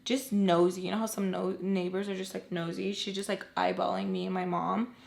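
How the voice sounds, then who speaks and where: A young woman telling a personal story in a casual, animated way, with lots of swearing and "like", acting out the people she quotes. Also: mid-range voice, a little fast, gravelly. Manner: animated, profane, many likes, acts out quoted people. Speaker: storytime vlogger.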